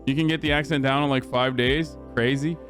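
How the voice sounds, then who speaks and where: A male streamer doing casual commentary, joking, swearing and animated. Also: mid-range voice, brisk, soft background music.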